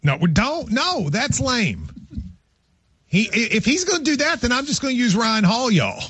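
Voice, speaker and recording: Husky radio host, lively pitch. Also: male voice, dry recording. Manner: chatty, halting restarts, teasing. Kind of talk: casual morning radio banter.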